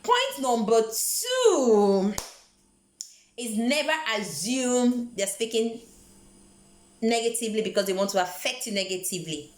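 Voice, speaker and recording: A woman's voice: on the high side, sing-song, unhurried. Earnest Nigerian woman in an echoey room. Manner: earnest and emphatic, repeats words while searching. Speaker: vlogger. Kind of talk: motivational career talk.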